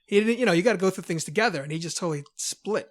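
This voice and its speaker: A man from New York telling band stories in a casual podcast chat, lively and quick to act out quotes. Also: sits high. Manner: chatty, lively storyteller who acts out quotes. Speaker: podcast guest, band member.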